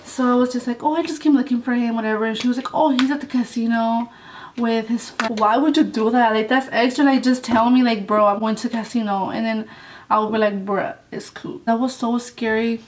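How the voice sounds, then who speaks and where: A woman's voice: fairly high pitch, steady tone, brisk, recorded from a distance, a little hiss or hum, poor audio. A young woman telling a story on her vlog in a blunt, casual way, swearing a lot and saying "like" often. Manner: blunt, heavy swearing, lots of "like". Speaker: vlogger.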